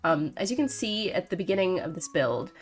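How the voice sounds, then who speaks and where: A woman's voice: fairly low pitch, big pitch swings, fairly quick, soft background music. A young woman hosting a gaming video, chatting casually and playfully, full of "like" and "um" as she rambles. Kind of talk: casual gameplay commentary.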